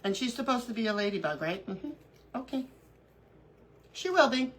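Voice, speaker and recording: Middle-aged woman, craft stream host, lively laughing storyteller, bright tense voice, a bit high. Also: moderate pace, slight background noise, low-quality recording. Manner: animated storyteller, laughs often. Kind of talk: casual chat during a live crafting stream.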